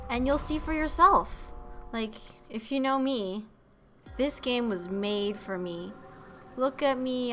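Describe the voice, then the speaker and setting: A woman streamer giving excited, gushing let's-play commentary with cutesy baby talk, game music faint behind her. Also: fairly high pitch, slight background noise.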